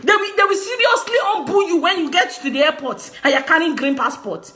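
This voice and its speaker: A woman's voice: extremely high pitch, a little fast, sharp tone. A woman with a Nigerian accent talking straight to her viewers in a passionate, scolding rant, often laughing through her words. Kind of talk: passionate direct-to-camera rant.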